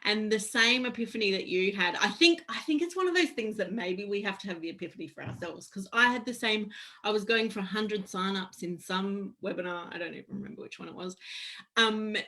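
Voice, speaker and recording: Brief: woman host, mid-pitched, casual and affirming chat. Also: fairly quick. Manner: warmly agreeing, chatty. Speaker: interview host.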